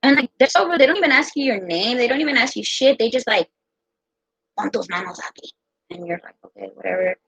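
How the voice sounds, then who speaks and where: A young American woman telling a personal story in a casual, profane, animated way. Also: a little high, quick pace, creaky, few pauses, husky, no room sound. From United States. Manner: profane, animated, quotes others in her own voice. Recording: dull lo-fi sound.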